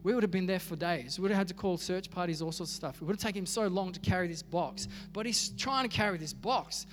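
A man's voice: sits high, fast talker, big-room sound, a little hiss or hum. A man preaching a sermon in a conversational way, acting out little dialogues. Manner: conversational, acts out quoted dialogue. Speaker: pastor.

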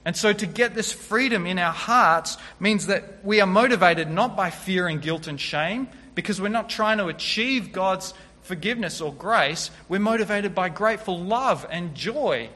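Preacher, male, high bright voice, earnest and emphatic delivery, big hall reverb. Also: animated, moderate pace. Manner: earnest, emphatic, teaching through scripture verse by verse. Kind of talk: sermon. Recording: long reverb of a large hall.

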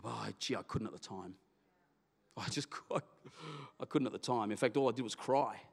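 A middle-aged man, a pastor, telling a candid personal story in a sermon with an animated, self-deprecating manner. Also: mid-range voice, normal speed, creaky, breathy edge. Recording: long hall reverb.

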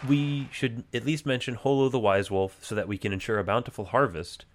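A man's voice: medium pitch, fairly even intonation, fairly quick, some chatter behind. A man co-hosting a comedy podcast, dropping dry absurd one-liners in casual banter. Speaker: podcast co-host.

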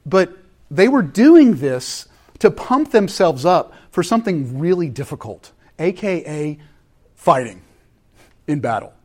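A man preaching a sermon, animated and dynamic, swinging from loud emphatic lines to hushed, intense ones. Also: fairly high pitch, measured pace. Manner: animated, shouting voices for crowds, then dropping to quiet intensity. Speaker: pastor.

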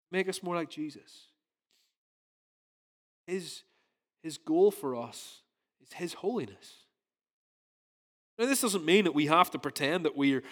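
A man's voice: a little high, fairly bright tone. A man in his thirties preaching a sermon to his church in a conversational way, often restarting his sentences. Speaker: pastor.

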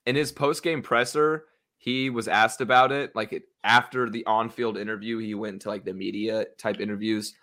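A young man with a bright, sharp-edged voice talks football in a loose podcast chat. He swears freely and gets worked up quickly. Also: on the low side, fairly even intonation. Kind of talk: casual sports chat.

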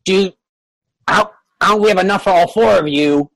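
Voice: mid-range voice, normal speed, vocal fry, a bit bright, dry recording, low-quality recording. Friendly little goblins in broken speech, tabletop game role-play, put on by the game master. Dry close sound.

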